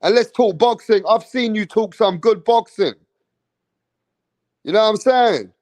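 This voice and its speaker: A man hosts a boxing channel in a loose, streetwise way. His voice sits a little high, and he keeps telling viewers off in slang, tacking "bruh" and "man" onto his lines. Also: a little slow, darkish tone. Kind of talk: casual livestream rant.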